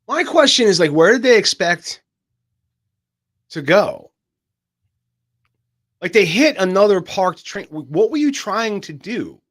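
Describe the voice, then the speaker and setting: A man's voice: sits high, sing-song, a little slow, pauses often, fairly bright tone. A man co-hosting a podcast in casual, joking banter, swearing freely. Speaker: podcast co-host.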